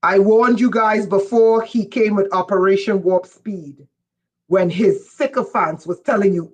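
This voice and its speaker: A woman giving an impassioned livestream monologue, emphatic and profane, with sudden bursts of shouting. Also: medium pitch, unhurried, poor audio. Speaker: livestream speaker.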